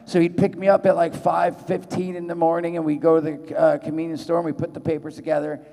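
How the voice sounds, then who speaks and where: A man's voice: on the high side, fast, vocal fry. A man, telling rambling, profane stories at a convention panel. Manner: profane, rambling, animated voices in quotes. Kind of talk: storytelling to a live audience. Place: large convention hall. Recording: long hall reverb.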